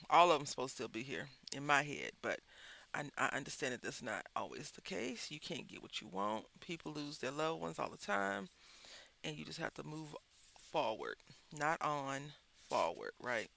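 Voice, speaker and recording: A craft vlogger, a man, talks casually as he works, drifting into rambling personal stories. His voice is fairly high, with a gravelly edge and a bright, sharp tone. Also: very animated, moderate pace. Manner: rambling, candid storytelling, talks to viewers as y'all. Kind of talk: casual chat while crafting.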